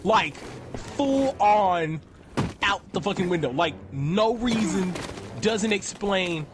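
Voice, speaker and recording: High, animated young man streamer. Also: takes it slowly, noisy background. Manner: animated, swearing, acts out voices in stories. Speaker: live streamer. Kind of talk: casual storytelling while gaming. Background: music.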